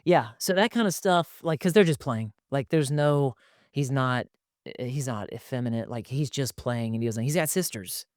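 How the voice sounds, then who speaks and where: A man's voice: medium pitch, normal speed, no room sound, studio quality. A man in his forties hosting a casual podcast chat, telling stories with lots of laughter and playful put-on voices. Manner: animated storyteller, laughs often, slips into playful voices. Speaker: podcast host.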